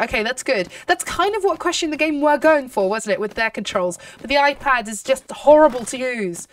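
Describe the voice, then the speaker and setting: A woman hosting a gaming channel, giving excitable let's-play commentary full of gasps and exclamations. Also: a little high, fairly quick, hardly any pauses, recorded from a distance, a little hiss or hum. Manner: excitable, gushing, lots of exclamations.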